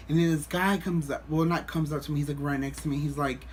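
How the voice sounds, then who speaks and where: A man vlogging, telling a story to the camera in a rambling, animated way with lots of restarts. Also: a little high, brisk, hardly any pauses, slight background noise.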